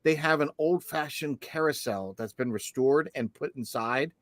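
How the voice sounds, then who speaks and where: A podcast co-host tells a long story in casual chat, rambling and restarting many times. His voice is a little high, at a moderate pace, with no room sound.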